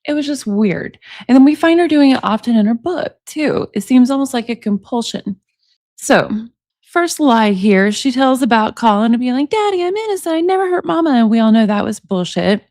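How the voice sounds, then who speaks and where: A woman's voice: on the high side, normal speed, a little mellow, no echo, clean studio sound. Woman chatting about a true-crime book. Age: 40s. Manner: chatty, asks viewers for opinions. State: allergies. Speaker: commentary channel host. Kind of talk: casual true-crime commentary, reading book excerpts.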